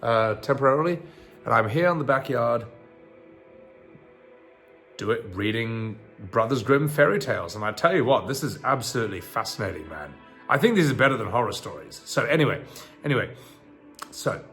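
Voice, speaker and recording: A man's voice: mid-range voice, animated, normal speed, pauses often, a bit bright, soft background music. A man reading fairy tales aloud on a live stream outdoors in a backyard at night, breaking off into profane, laughing asides. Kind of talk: casual storytelling on a live stream.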